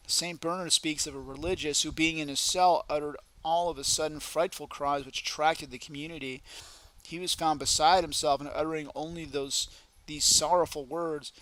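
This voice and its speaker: Solemn man reading aloud, bright voice. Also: fairly high pitch, steady tone, normal speed, poor audio. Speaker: reader.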